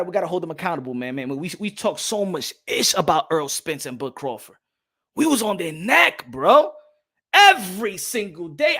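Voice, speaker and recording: A man's voice: extremely high pitch, sharp tone. A man hosting a boxing channel, ranting casually with lots of stammered restarts. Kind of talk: casual vlog rant.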